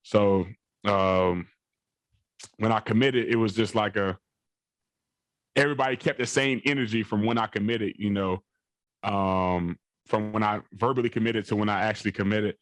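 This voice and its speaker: A man's voice: on the low side, fairly even intonation, normal speed, long pauses, dry recording. A young adult man, a college football player, telling a long rambling story in an interview, repeating phrases and leaning on fillers.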